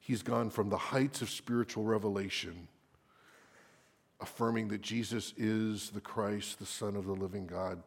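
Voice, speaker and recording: A man preaching a sermon dramatically, at times dropping into a hushed whisper for emphasis. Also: on the low side, little pitch movement, a little slow, husky.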